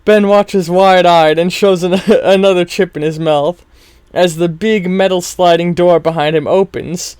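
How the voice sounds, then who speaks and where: A man's voice: high voice, fairly even intonation, a little slow, a little mellow, smooth, dry recording. Brief: man game master narrating, trips over words and mocks himself, resonant tone, dry close sound. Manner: stumbling, self-mocking, chuckling. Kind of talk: narrating a role-play story.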